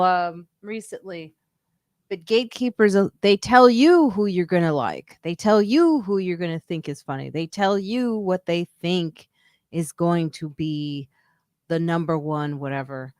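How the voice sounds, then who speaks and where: A woman's voice: measured pace, a little mellow, dry recording, studio quality. Chatty woman comedian hosting a live stream. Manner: chatty, reads out viewer comments and greets them; says she is using a weird low radio voice. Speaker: comedian and podcast host. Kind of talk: casual solo live stream chat.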